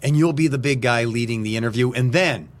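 A man's voice: medium pitch, brisk. A middle-aged man hosting a podcast in casual, joking, self-deprecating chat with two guests. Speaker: podcast host.

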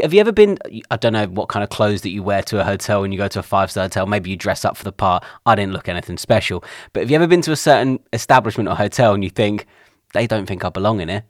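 A man's voice: on the low side, no room sound, studio quality. A man, co-hosting a podcast and telling a long rambling story, acting out other people's lines. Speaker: podcast co-host. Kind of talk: casual chat.

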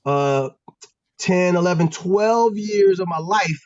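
High, animated storyteller man. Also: slow pace, no echo, muffled recording. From Pennsylvania. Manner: animated, slangy, many restarts. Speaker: former football player, guest. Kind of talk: casual storytelling.

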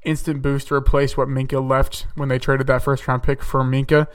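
Going pick by pick in a football mock draft, the young podcast host is chatty and thinks aloud, with fillers and self-corrections. His mid-range voice is smooth, clear, and level, recorded from some distance.

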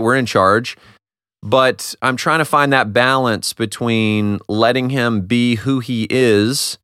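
A man in his thirties hosting a reflective solo talk, candid and self-deprecating, with animated asides. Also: medium pitch, clear, resonant tone, no room sound, studio quality. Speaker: podcast host.

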